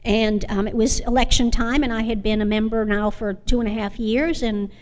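Halting woman in a reverberant hall. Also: on the high side, fairly even intonation, darkish tone. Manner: halting, with many pauses and fillers; earnest and reflective. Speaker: Al-Anon member sharing her story. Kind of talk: personal testimony.

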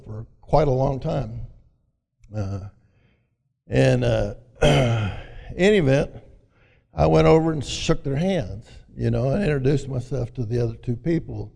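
A man's voice: medium pitch, a little slow, gravelly, dark tone. An older man from Arkansas with a Southern accent tells his recovery story to a meeting, folksy and full of "you know" fillers. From Arkansas, USA. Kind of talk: personal testimony talk. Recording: echoey hall, mic at a distance.

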